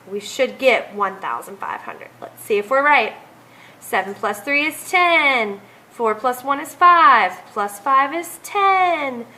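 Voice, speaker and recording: In an unhurried voice, a female teacher works through math homework, counting numbers down aloud on each problem. Her tone is slightly high, bright and clear, though the recording quality is low.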